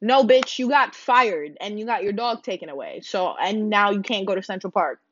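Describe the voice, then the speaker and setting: A woman's voice: mid-range voice, moderate pace, lo-fi sound. A young woman, telling a blunt, profane storytime rant to her viewers. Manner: blunt, loud, profane, animated. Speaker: vlogger. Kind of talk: casual ranting storytime.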